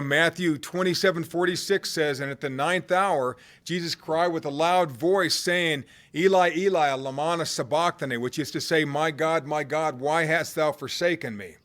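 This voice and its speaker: A man preaching a sermon in a conversational way, swinging from loud cries to hushed low tones. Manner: conversational, with fillers and restarts.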